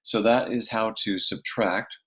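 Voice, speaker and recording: A man's voice: fairly low pitch, fairly even intonation, unhurried, bright, forceful tone. A man teaching a casual math lesson, talking through each step aloud and checking in with "okay" often.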